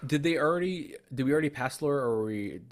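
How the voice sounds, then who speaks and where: A man co-hosting a horror movie podcast, retelling scenes in a loose, animated way and acting out characters' lines. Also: on the high side, fast talker. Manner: animated storyteller, acts out lines. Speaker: podcast co-host. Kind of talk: casual movie review chat, retelling scenes.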